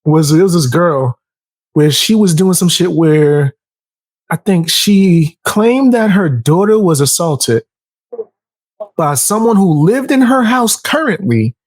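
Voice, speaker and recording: Animated man telling stories, bright-ish voice. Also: high voice, slow pace, no room sound, studio quality. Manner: animated storyteller, acts out quotes in a raised voice. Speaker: podcast host. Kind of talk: casual podcast chat.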